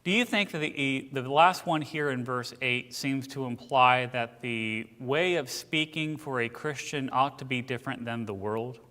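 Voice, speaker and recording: A man's voice: mid-range voice, a little slow, hardly any pauses, sharp tone. A man teaching a casual church Bible class, telling stories in a conversational way with asides. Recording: church hall with long reverb.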